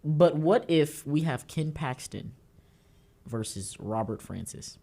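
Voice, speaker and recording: A young man co-hosting a political talk show, bantering casually and telling stories with lively asides to the audience. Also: on the high side, slow pace, gravelly. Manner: animated storytelling, mimics others.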